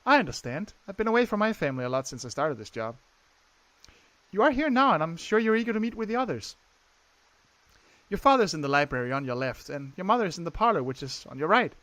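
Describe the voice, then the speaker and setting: A man's voice: a little high, sing-song, quick pace, fairly bright tone, dry recording. A man voicing a polite young female housemaid in a game he is playing through, speaking deferentially.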